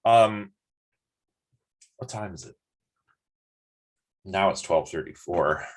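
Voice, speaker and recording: A man's voice: low-pitched, slow. A man giving a live-streamed lecture, chatty and rambling, with many ums and restarts.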